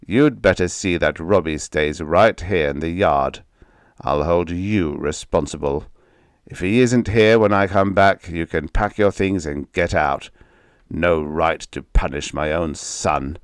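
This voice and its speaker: A cruel stepfather sneers in slow, menacing words in a storybook reading, as a man voices him. The voice is low and close in a dry space. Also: clean tone, no room sound.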